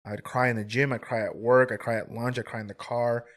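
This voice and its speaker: A man's voice: mid-range voice, steady tone, brisk, fairly bright tone. A man in his twenties telling a personal story on a podcast, candid and rambling, swearing freely and filling his talk with "like" and "right?". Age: 20s. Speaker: podcast guest. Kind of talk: casual storytelling.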